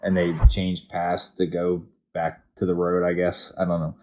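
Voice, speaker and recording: Brief: low-voiced young male co-host, dark mellow tone, laid-back and profane. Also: completely flat delivery, moderate pace. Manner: laid-back, short agreeing replies, profane asides. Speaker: podcast co-host. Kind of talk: casual TV episode discussion.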